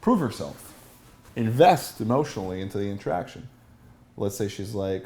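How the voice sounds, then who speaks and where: A man's voice: on the low side, animated, fairly quick, dark tone, slight background noise. A man teaching a seminar as a dating coach, asking the room questions and acting out example lines.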